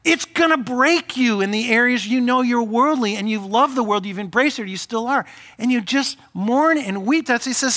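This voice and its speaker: A man's voice: very high voice, normal speed, pushed and bright. A man preaching a sermon as pastor, impassioned and urgent, rising to emphatic peaks.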